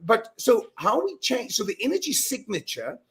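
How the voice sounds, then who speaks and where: A man talking as a guest in a casual interview, telling animated stories and acting out his own self-talk, often restarting words. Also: very high-pitched, moderate pace. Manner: animated storyteller, repeats words when restarting. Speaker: podcast guest, mindset coach.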